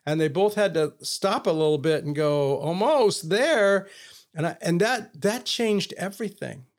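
A man's voice: on the high side, expressive, moderate pace. A middle-aged man in casual conversation, earnestly telling stories and acting out the dialogue in them. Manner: earnest storytelling with quoted dialogue.

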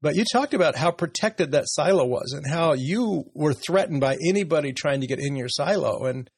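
A man in his late sixties speaks in a personal podcast conversation, his voice gravelly and slightly husky. He talks reflectively and openly, sometimes laughing softly. The sound is dry and close to the mic. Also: a little high, animated, moderate pace, no echo. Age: 60s. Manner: reflective, emotional, candid with soft laughs. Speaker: podcast host.

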